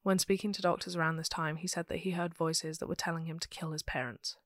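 A woman with a London accent, co-hosting a podcast and telling a true crime case in a steady, matter-of-fact way with dry asides. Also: deep voice, fast, no room sound. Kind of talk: casual chat reading out researched notes.

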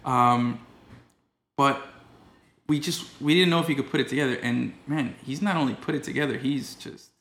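A man co-hosting a podcast, chatting casually about football in a rambling, excitable way with lots of restarts. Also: medium pitch, moderate pace, reverberant. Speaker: podcast co-host. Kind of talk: casual sports chat.

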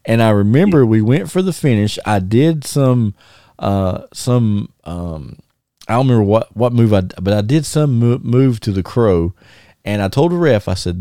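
A mid-range male voice with some vocal fry, recorded dry, belongs to a former wrestler guesting on a podcast. At normal speed he recounts old wrestling tales, animated and laughing, with lots of restarts and fillers.

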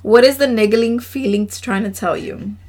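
A woman's voice: on the high side, normal speed, darkish tone. A woman hosting a casual solo podcast, reading oracle cards aloud in an earnest, emotional way with frequent laughs and slangy asides. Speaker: podcast host.

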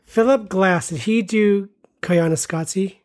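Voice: medium pitch, a little slow, no echo. Easygoing podcast co-host, dry sound. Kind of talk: casual chat reviewing films.

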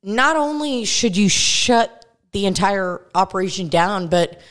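A woman's voice: mid-range voice, animated, unhurried, a bit bright. A woman with a Midwest American accent, co-hosting a casual podcast and telling a crude, exasperated story full of swearing. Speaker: podcast co-host. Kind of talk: casual comedic chat. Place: rented house in California.

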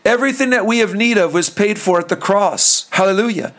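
A man's voice: sits high, fairly quick, a bit bright. A man preaching a sermon, earnest and direct, asking the listener questions.

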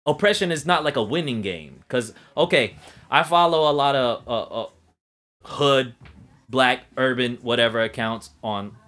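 Guy with a bright voice, swears a lot, rambles and restarts, casual chat. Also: mid-range voice, measured pace. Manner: profane, rambling, self-interrupting.

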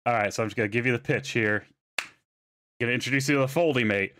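A man's voice: medium pitch, fast, sharp tone. A man chatting casually as a contestant, telling rambling stories and swearing freely. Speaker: contestant pitching products. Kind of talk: casual comedic chat.

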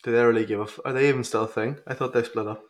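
A man's voice: medium pitch, fairly even intonation, rapid-fire. A young man with a Northern Irish accent, co-hosting a podcast in casual chat, giving blunt, short, dry replies. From Northern Ireland. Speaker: podcast co-host. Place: small home studio.

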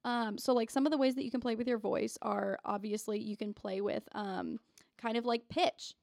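A woman's voice: a little high, fairly even intonation, normal speed, creaky, a little mellow, no echo. A woman co-hosting a podcast in casual chat, swearing freely and laughing easily. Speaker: podcast co-host.

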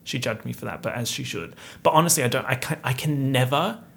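Talking fast with a creaky, fairly bright voice of medium pitch, a young Australian man from Perth runs his podcast. His update is chatty and campy, laced with slang and self-deprecation.

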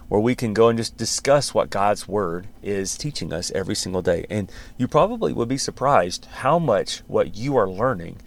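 A man, a pastor, hosting a podcast and teaching in a relaxed, conversational way with frequent restarts and light chuckles. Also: on the low side.

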